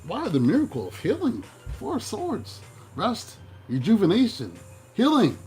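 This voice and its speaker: A man giving a casual tarot reading, playful and animated, breaking into joking mock voices. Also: high-pitched, normal speed, slightly rough, faint music behind. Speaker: tarot reader.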